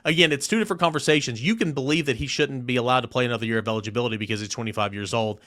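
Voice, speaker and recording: An emphatic young man hosting a solo sports podcast at a mid-range speaking pitch. He talks straight to his listeners, and he presses harder on the key points as he makes his case. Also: racing, fairly bright tone. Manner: emphatic, reads quoted letter aloud with rising emphasis.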